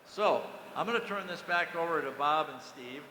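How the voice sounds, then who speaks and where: A man's voice: on the high side, moderate pace. An older man, once a race team manager, telling a story at a dinner panel and acting out the dialogue of its characters. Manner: animated storyteller who acts out the dialogue. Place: banquet hall during a dinner. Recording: echoey banquet hall over a PA, faint noise.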